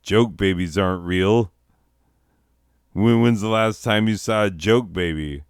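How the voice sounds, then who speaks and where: A man's voice: on the low side, a little slow, clear, resonant tone, dry recording, studio quality. A man delivering a crude, rambling comedy monologue, laughing at his own jokes and slipping into silly voices. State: recovering from nausea. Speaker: comedy podcaster.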